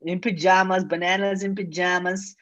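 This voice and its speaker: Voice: mid-range voice, level tone, normal speed, a bit bright. A host running an online comedy show over a video call, chatty and teasing. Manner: chatty, teasing, laughs easily. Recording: muffled video call audio.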